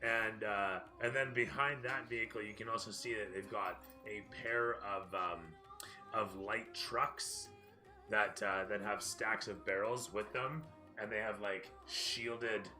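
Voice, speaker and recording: A man runs a tabletop game as dungeon master, narrating casually with plenty of fillers. His voice is bright, and faint music plays behind. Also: on the low side, steady tone, a little slow.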